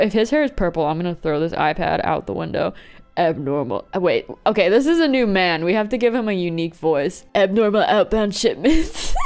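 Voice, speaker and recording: A woman's voice: medium pitch, creaky, darkish tone, clear, resonant tone. Goofy woman joking through a game. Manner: goofy, joking, laughs often. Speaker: gaming streamer. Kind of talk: casual game commentary.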